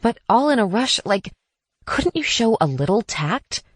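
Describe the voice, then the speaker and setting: A woman's voice: on the high side, big pitch swings, measured pace, slightly rough, no echo, clean studio sound, voice pushed up, heavily acted. A woman narrator voicing a hurt, defensive young woman in an audiobook.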